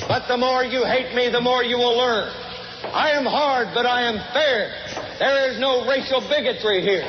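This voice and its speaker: An actor playing a harsh Marine drill instructor who barks clipped, scornful orders at recruits. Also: male voice, very high-pitched, normal speed, slight background noise. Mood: barking scorn. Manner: barked, clipped, scornful commands. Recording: roomy, dull film clip played over radio.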